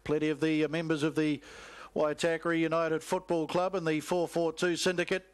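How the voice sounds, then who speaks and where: A man calls a harness race in rapid-fire commentary, reeling off horse names and positions. His voice sits high and smooth, held to a fairly even line. The recording is close and dry. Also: no room sound. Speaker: race caller.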